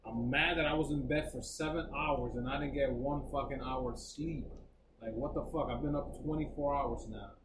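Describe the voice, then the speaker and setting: A man co-hosting a podcast in casual, profane chat, telling his own stories and quoting other people in a high voice. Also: steady tone, normal speed. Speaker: podcast co-host. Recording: echoey room, off-mic, noisy.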